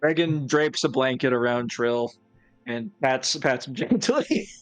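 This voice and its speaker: A man's voice: mid-range voice, lively intonation, unhurried, no echo, soft background music. A man playing a tabletop game, narrating his character in third person and laughing often. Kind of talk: casual play narrating own character.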